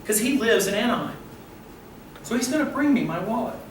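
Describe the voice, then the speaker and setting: An older man giving a motivational talk, telling a story with animated acted-out voices. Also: high-pitched, fairly quick. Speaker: motivational speaker. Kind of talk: storytelling speech. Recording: roomy, distant mic with faint noise.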